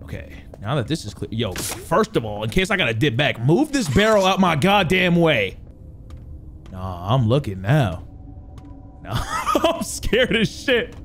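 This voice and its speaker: A young man commentating a horror game, excitable and loud, swearing and yelling at the game, with game music playing behind him. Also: a little high, unhurried, slight background noise. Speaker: gaming streamer.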